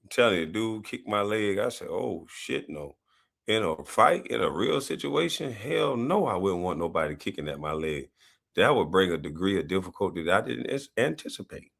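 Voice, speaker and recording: Animated, loose-talking man on a livestream. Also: on the low side, brisk, gravelly. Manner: loose, animated, profane banter. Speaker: livestream host. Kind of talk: casual livestream chat.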